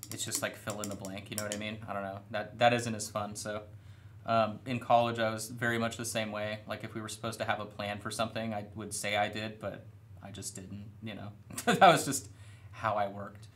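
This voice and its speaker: A young man chatting casually and rambling a little while he paints miniatures on a live stream. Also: on the low side. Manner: relaxed, rambling, self-deprecating. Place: studio room.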